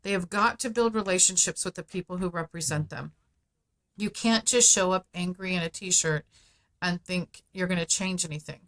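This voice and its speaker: A woman's voice: fairly low pitch, fairly bright tone. A middle-aged woman speaking as a guest on a podcast interview, talking in an emphatic, persuasive way and leaning on key words. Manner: emphatic, persuasive, speeds up and slows for stress. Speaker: guest, founder of a parents' advocacy group.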